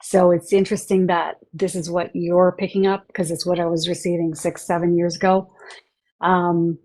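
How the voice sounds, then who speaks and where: A woman hosting a livestream about channeled spiritual messages, earnest and halting, with many fillers. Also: on the low side, little pitch movement, dark tone, rough recording.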